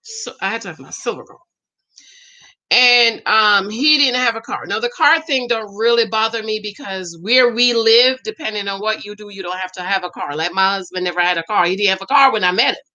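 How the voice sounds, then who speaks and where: The vlogger talks briskly at a medium pitch over lo-fi sound, dishing out relationship and marriage advice in a casual, sassy tone. She calls her female viewers "girl," stays animated throughout, and performs quoted voices.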